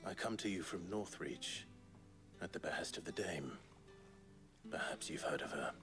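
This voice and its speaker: An actor playing a grim young branded warrior, speaking in a quiet, terse murmur. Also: male voice, low-pitched, moderate pace, natural voice. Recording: game audio with music. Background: game music.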